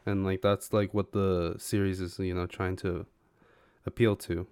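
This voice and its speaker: A man's voice: low voice, flat delivery, unhurried, a little mellow, clear, resonant tone, no echo, clean studio sound. A man co-hosting a casual podcast chat, laid-back and swearing casually.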